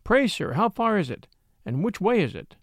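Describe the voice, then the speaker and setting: A man puts on an anxious young countrywoman in a storybook reading, her voice lifting high as she pleads. She sounds gentle and worried. The recording is close and dry. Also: very animated, normal speed, no echo. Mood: pleading.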